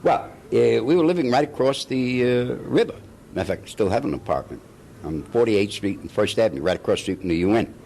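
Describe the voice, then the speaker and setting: An older man with a lowish voice tells his stories with lively, swooping intonation. He chuckles as he goes and slips into the voices of the people he quotes, like a veteran actor reminiscing in an interview. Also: fast talker, vocal fry, a little hiss or hum. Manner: animated, chuckling storyteller who acts out the people he quotes. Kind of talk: anecdotal storytelling.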